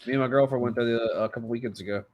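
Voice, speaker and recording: A man's voice: medium pitch, steady tone, very fast, dull audio. A man co-hosting a podcast, talking in blunt, offhand casual chat and swearing in passing.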